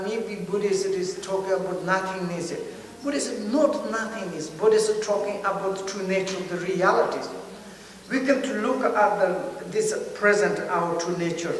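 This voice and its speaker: Male Buddhist teacher, high voice, halting non-native English, recorded far off in a hall. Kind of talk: dharma teaching. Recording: very echoey hall, mic far off, faint noise.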